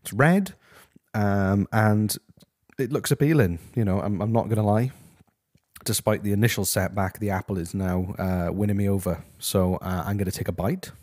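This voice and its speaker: A man hosting a comedic review from his house, talking deadpan and rambling with lots of ums. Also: fairly low pitch, moderate pace, no echo, studio quality. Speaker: host. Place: his house, walking to the kitchen.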